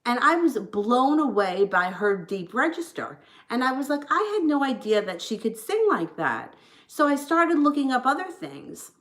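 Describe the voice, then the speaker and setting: A woman in her thirties giving a tarot reading in a casual livestream chat, rambling and frank, swearing freely. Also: fairly high pitch. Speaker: tarot reader.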